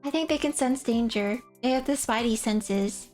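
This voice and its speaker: High-voiced giggly young woman streamer. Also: normal speed, faint music behind. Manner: rambling, giggly, animated storytelling. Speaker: livestreamer. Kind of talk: casual stream chat.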